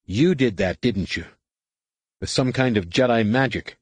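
A man voicing a bitter, sneering male pilot held as a prisoner, in a sarcastic, higher-pitched voice. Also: unhurried, slightly rough, dry recording.

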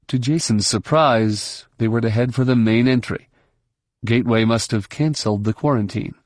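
A man narrates a scripted audiobook steadily and at a measured pace. His voice is fairly low, captured with studio quality and no room sound.

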